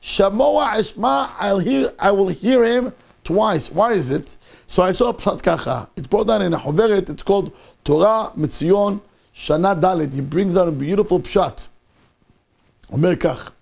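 A man with a high, gravelly voice teaches a Torah lesson to his congregation. He talks with animated energy and keeps asking the listeners questions. He peppers his English with Hebrew and Yiddish terms. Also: normal speed. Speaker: rabbi. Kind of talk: Torah class sermon. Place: synagogue.

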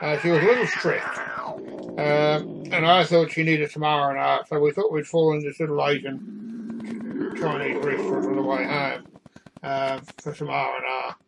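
A man's voice: fairly high pitch, little pitch movement, normal speed, vocal fry, noisy background. A man telling a rambling comic story, exasperated and meandering. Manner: meandering, exasperated, doing the other people's voices.

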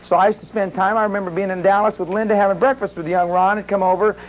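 A man's voice: high voice, fairly even intonation, fast, highs cut off, a little hiss or hum. A man speaking at a seminar, telling a long rambling story to a live audience with many restarts and fillers. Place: seminar room.

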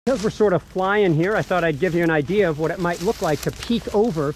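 A man's voice: high voice, quick pace, a little hiss or hum. A man leading an outdoor walking tour on a hillside, eagerly pointing out the sights, recorded on a body-worn action camera. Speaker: battlefield tour guide.

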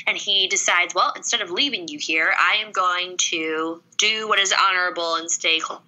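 A woman's voice: lowish voice, moderate pace, sharp tone, low-quality recording. A woman co-hosting a casual book review podcast, critical and sarcastic, acting out the characters.

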